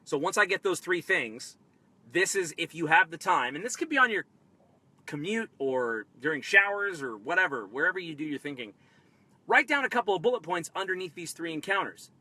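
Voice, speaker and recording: A man hosting a live tabletop-game advice stream, energetic and excitable, swinging between loud bursts and quiet asides. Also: on the high side, brisk, no room sound. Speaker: host.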